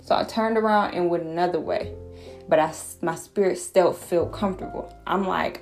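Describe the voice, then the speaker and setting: Earnest low-voiced woman sharing testimony. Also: moderate pace, a little mellow, faint music behind. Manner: earnest, rambling, frequent restarts. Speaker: faith vlogger sharing a personal testimony. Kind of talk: casual devotional talk.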